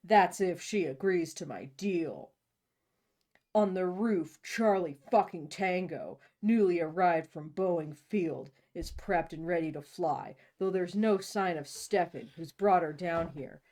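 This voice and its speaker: A woman host reading a novel aloud in a deadpan way, breaking off for jokey asides. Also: lowish voice, takes it slowly. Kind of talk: comic read-aloud of a novel.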